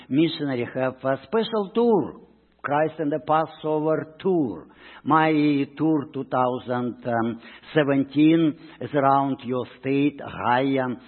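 A man with a Russian accent, a missionary speaking to a church congregation in halting, broken English full of ums and uhs. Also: on the high side, slightly rough. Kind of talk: church presentation. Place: church sanctuary. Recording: tinny, reverberant church recording.

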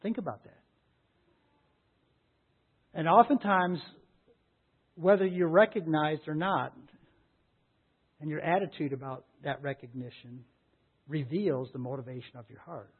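A pastor delivering a sermon in a high, light male voice. He preaches earnestly and presses his listeners with rhetorical questions. The sound is thin and tinny, as if heard over a phone line. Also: unhurried, long pauses, slightly rough.

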